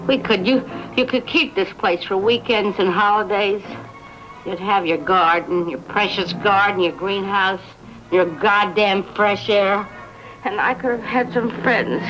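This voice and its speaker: An actress playing a lonely, drunken wife who slurs and swings between sneering and sobbing, in a 1970s film drama. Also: female voice, medium pitch, measured pace, music in the background, lightly acted. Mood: bitter. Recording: dull lo-fi film soundtrack with score.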